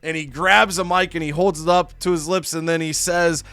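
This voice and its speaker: A man's voice: a little high, fairly even intonation, normal speed, sharp tone. A man casually retelling a wrestling game session, with lots of "you know" and "like" fillers. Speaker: let's-play co-host. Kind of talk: casual game recap storytelling.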